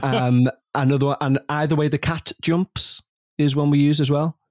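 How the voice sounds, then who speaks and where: A man with a Yorkshire accent, a podcast guest telling anecdotes in casual chat and dropping into high mock voices. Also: moderate pace, no echo, clean studio sound. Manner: animated storyteller, jumps into high mock voices.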